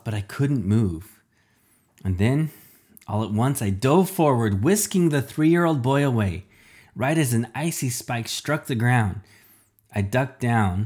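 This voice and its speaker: A man narrating a children's audiobook in first person, expressive and dramatic. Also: mid-range voice, husky.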